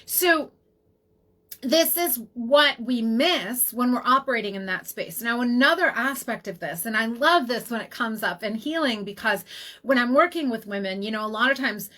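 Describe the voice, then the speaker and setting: A middle-aged woman health practitioner giving a casual teaching talk, telling stories with quick asides. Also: fairly high pitch. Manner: animated storytelling with quick asides.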